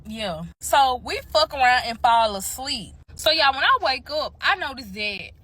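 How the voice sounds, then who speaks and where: A young woman telling a story to her viewers in a casual, animated way, swearing freely and talking straight to the audience. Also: sits high, unhurried, dry recording. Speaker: storytime vlogger.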